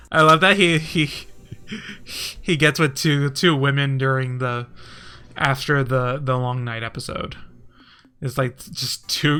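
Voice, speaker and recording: A man streaming casually, rambling and swearing, and getting heated and animated as he talks. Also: medium pitch, smooth. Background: faint music.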